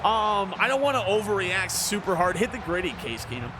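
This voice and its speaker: A man streaming a video game and commentating it like a sports broadcaster, sometimes in a slow announcer voice and sometimes as casual chat, repeating phrases for emphasis. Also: high voice, big pitch swings, background noise. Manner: switches between a slow, drawn-out announcer voice and quick casual chat. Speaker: gaming streamer.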